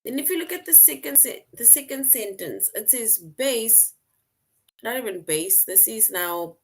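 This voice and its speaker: A woman teacher explaining a lesson slowly, repeating points and checking in with "right?" often. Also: on the high side, animated, breathy edge. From outside the US. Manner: slow, repetitive explaining, frequent "right?" check-ins. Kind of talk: online class lesson.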